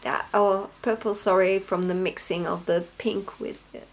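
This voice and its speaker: A woman in her thirties with a Dutch accent, hosting a casual knitting video podcast from home, gushing and gasping with excitement over yarn. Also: medium pitch, moderate pace, slight background noise.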